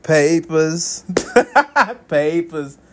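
Animated man telling stories in casual slang. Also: a little high, very slow, slight background noise. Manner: animated storytelling, swears freely, laughs often, voices friends in quotes. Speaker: podcast host. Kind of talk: casual solo monologue.

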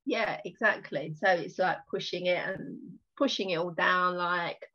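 A woman from England, a podcast guest, talking in a lively, animated way in casual conversation. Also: on the low side, a little slow, lo-fi sound. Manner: animated, lively storytelling with laughs.

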